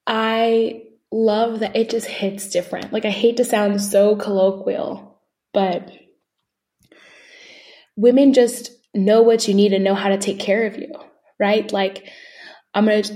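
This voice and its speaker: Female podcast co-host, mellow tone, candid conversational storyteller. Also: medium pitch, little pitch movement, a little slow. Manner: conversational, many fillers and asides.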